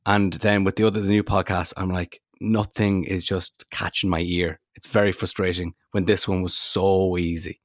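A chatty man co-hosting a podcast, telling stories in an animated way. His voice sits fairly low, recorded close and dry with no room sound. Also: moderate pace, few pauses, no echo. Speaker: podcast co-host. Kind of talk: casual podcast chat.

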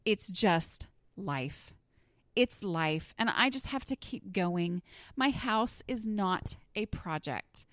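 Chatty Southern woman with a lively voice. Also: medium pitch, takes it slowly, dry recording, clean studio sound. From Southern United States. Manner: chatty, self-deprecating, easily sidetracked. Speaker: podcast host. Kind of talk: casual solo podcast talk.

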